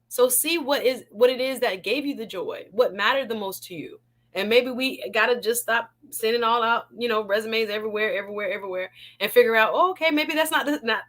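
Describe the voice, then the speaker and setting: A woman's voice: a little high, pushed and bright. A woman hosting a live online talk show, reading viewer comments and encouraging her audience with an exuberant, preachy manner and frequent laughter. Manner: exuberant, preachy, laughs often, talks to the chat.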